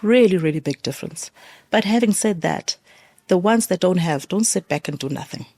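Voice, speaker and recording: Gravelly-voiced woman, halting speech. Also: on the low side, expressive, warm tone. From South Africa. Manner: hesitant, many fillers and restarts. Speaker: guest. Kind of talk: casual interview conversation.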